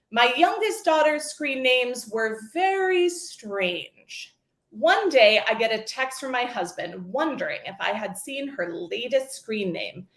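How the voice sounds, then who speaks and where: A woman in her forties giving a scripted keynote talk, telling stories with lively acted quotes. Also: a little high, roomy sound. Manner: storytelling, expressive with acted quotes. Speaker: keynote speaker.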